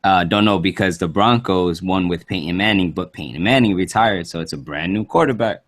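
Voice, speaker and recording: A man's voice: low-pitched, fairly quick. A man co-hosting a podcast, chatting casually in an easygoing way and laughing along. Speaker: podcast co-host. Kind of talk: casual chat.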